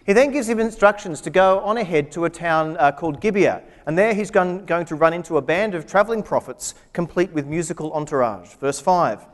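Wry preacher in a reverberant hall. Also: male voice, fairly high pitch, animated, brisk, hardly any pauses. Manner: wry, joking asides while retelling scripture. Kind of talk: humorous sermon.

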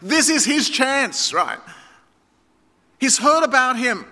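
High, bright-voiced preacher in a reverberant hall. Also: male voice, lively intonation, slow pace. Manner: emphatic, addresses listeners as friends. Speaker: pastor. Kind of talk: sermon.

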